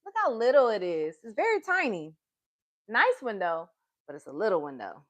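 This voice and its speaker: Reading a picture book aloud for little kids over a live stream, this woman speaks at a medium pitch with a fairly bright, very animated tone. Her pace is slow and sing-song, she keeps posing questions to her listeners, and she sits close to the device.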